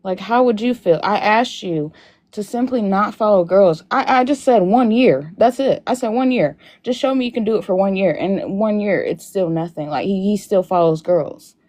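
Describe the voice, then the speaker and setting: Crying as she speaks, a young caller on a live video Q&A recounts her experience in a meandering way, full of "like" and other fillers. She talks at a normal speed in a medium-pitched, slightly mellow voice.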